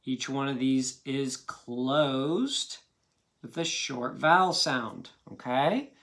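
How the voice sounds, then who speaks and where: Slow, patient male phonics teacher. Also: mid-range voice, expressive, fairly bright tone. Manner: patient, encouraging, checks in with frequent okays. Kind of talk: phonics lesson.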